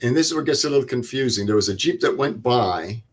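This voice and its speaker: Older guy telling a war story step by step, quotes everyone, medium pitch. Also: lively intonation, quick pace. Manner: vivid step-by-step retelling with quoted dialogue. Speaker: veteran guest. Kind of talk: interview storytelling.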